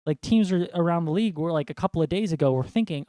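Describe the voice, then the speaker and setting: A man's voice: a little high, quick pace, dark tone, dry recording. Young man ranting about basketball, dry sound. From New York. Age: young adult. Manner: rambling, exasperated ranting. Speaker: sports fan vlogger. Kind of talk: ranting sports commentary.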